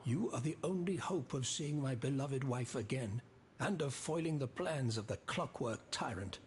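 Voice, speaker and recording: An actor playing a formal, self-important former royal minister in a video game. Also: male voice, mid-range voice, lively intonation, normal speed, a little mellow, slight background noise, lightly acted. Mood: pompous. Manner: formal, pompous. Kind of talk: game dialogue.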